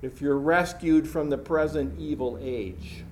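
A man preaching a sermon in a slightly higher voice. He drives each point home by repeating it. He talks straight to the congregation. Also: expressive, unhurried, a little mellow, a little hiss or hum. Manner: repetitive, emphatic.

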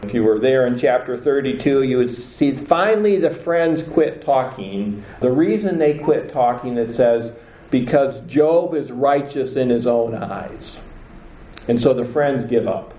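A man with a mellow, warm voice teaches an informal Bible lecture. He talks conversationally and lifts his voice to act out quoted lines. The recording sounds roomy, with clear echo. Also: medium pitch, expressive, measured pace. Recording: echoey room.

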